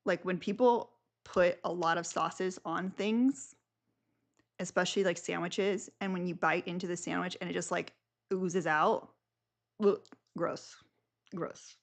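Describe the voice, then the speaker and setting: A woman's voice: on the low side, steady tone, unhurried, creaky. A young woman hosting a live stream, chatting casually and rambling with lots of filler words.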